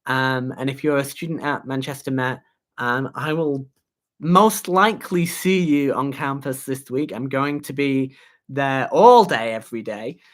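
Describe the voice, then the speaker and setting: A young adult hosting a casual livestream as a student union candidate, talking in a halting way with fillers and idle humming. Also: medium pitch. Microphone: webcam or phone on a livestream.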